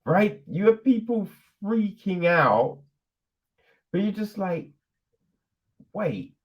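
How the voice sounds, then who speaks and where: A man chats through a film review on his podcast with a lively, swooping voice, slow and drawn out. He laughs often and slips into mocking put-on voices for the characters. The audio is dull and lo-fi. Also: high-pitched. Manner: animated, laughing, acts out quotes in put-on voices. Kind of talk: casual spoken film review.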